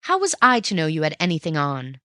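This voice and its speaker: A reader voicing an earnest young male sidekick who protests and takes offence quickly, in an audiobook reading. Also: mid-range voice, wildly swooping pitch, pushed and bright, no echo, studio quality. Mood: indignant.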